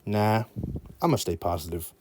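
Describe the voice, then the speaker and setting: A man putting on a breezy, stubbornly upbeat knight who waves off trouble. The voice is low and mellow, casual and a little defiant. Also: expressive, moderate pace, a little hiss or hum, close to an everyday voice. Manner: breezy, dismissive.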